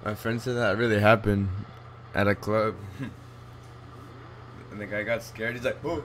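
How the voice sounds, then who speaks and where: A man's voice: on the low side, level tone, unhurried, a bit bright, a little hiss or hum. A young man giving casual gameplay commentary, joking around and trash-talking with plenty of swearing. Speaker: gamer.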